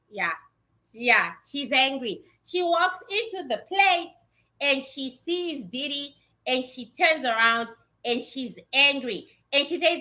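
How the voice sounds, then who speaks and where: A woman's voice: high-pitched, expressive, slow pace, pushed and bright. A woman giving a casual, blunt psychic reading to her viewers, chatty and swearing freely. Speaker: psychic reader.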